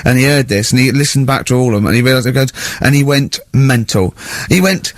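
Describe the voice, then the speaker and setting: A radio host speaking into a close, dry studio mic at an average pitch for a man. He chats casually and tells his stories with animation, often jumping into loud put-on voices for the people in them. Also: quick pace, few pauses, dry recording. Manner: animated storyteller who acts out shouting characters. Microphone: studio microphone.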